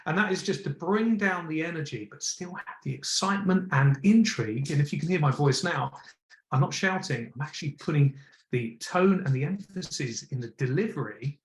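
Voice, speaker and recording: A man, a TV presenter, coaching presenters in a live online session with energetic, encouraging emphasis. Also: on the high side, moderate pace. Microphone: video call. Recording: echoey room.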